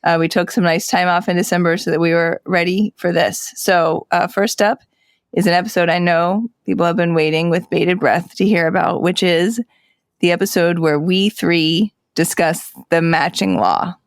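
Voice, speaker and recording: A woman's voice: lowish voice, steady tone, moderate pace, no echo, clean studio sound. A woman co-hosting a podcast in casual chat, playful and upbeat as she runs through the episode lineup. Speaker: podcast co-host.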